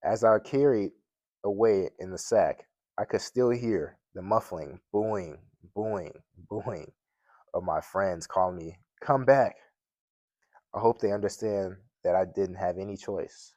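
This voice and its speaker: A man's voice: deep voice, measured pace, a little mellow, dry recording. A man reading a children's book aloud as a guest reader, plainly, with occasional slips and restarts.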